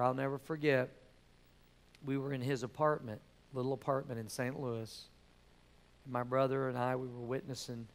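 A middle-aged pastor with a mid-range voice preaches a sermon, swinging between hushed storytelling and loud, animated exhortation.

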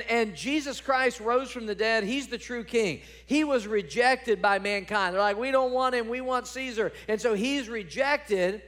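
A man with a notably high voice preaches a sermon to his congregation. He is emphatic and earnest, repeating words as he builds his points and turning to the church with direct questions. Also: a bit bright. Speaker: pastor.

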